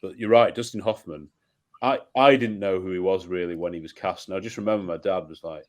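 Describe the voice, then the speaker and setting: A man with a very low voice joins a casual podcast chat about a film. He muses aloud, thinking as he goes and often restarting his sentences. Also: a little fast. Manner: reflective, musing, with restarts. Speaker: podcast guest.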